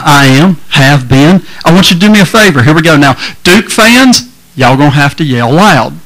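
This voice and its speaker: A man's voice: on the high side, fairly bright tone, rough recording. Folksy man preaching to a crowd. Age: middle-aged. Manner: folksy, joking, crowd-engaging. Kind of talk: lively sermon to a youth crowd. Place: large hall with a crowd.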